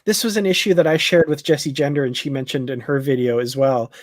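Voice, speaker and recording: A man's voice: medium pitch, steady tone, fast, dry recording, studio quality. A man in casual chat on a live discussion show, talking reflectively with stumbling restarts.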